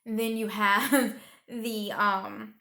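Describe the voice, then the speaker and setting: A woman's voice: medium pitch, flat delivery, extremely slow, bright, forceful tone. A young woman giving a casual, rambling movie review. She retells the plot emotionally, with lots of fillers, and sounds tired.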